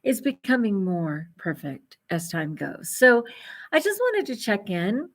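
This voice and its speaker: A middle-aged woman vlogger chatting casually on a livestream, rambling and laughing often. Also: medium pitch.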